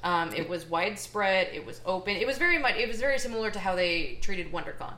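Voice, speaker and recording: A woman's voice: mid-range voice, quick pace, slight background noise. A woman guest on a podcast in casual chat, opinionated and emphatic as she tells her stories. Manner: opinionated, emphatic, animated storytelling. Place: a house. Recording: roomy home recording.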